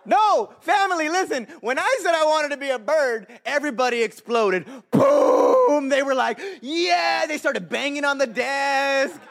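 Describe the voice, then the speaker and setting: Animated high-voiced preacher man. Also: unhurried, few pauses. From Southern California. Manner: animated, swings from shouting to hushed. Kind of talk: sermon with storytelling.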